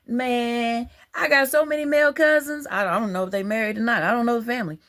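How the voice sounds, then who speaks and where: A woman, talking in a rambling, animated, colloquial monologue about religious ideas. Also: fairly high pitch, quick pace, few pauses. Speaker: religious vlogger. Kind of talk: casual monologue.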